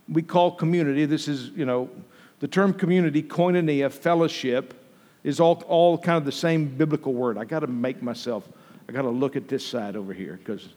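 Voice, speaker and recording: A man's voice: medium pitch, a little mellow. A man preaching an informal sermon, conversational, with frequent restarts and asides to the congregation. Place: church sanctuary. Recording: long reverb from a church hall.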